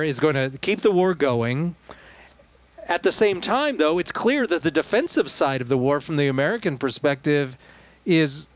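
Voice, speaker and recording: Man in a casual political chat. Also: medium pitch. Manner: conversational, digressive, with wry asides. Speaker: podcast co-host.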